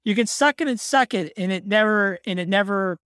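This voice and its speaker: Podcast co-host: a woman, mid-pitched, gushing and chatty, dry close sound. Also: brisk, no room sound. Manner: excitable, laughs often, says "like" a lot. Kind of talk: casual chat about a film.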